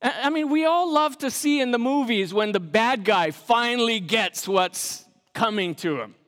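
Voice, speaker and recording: A man in his thirties preaching a humorous sermon, telling stories with many restarts and sudden drops to a hushed voice. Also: very high voice, lively intonation, moderate pace, in a large hall. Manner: storytelling with frequent restarts and sudden quiet, dramatic drops. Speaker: pastor.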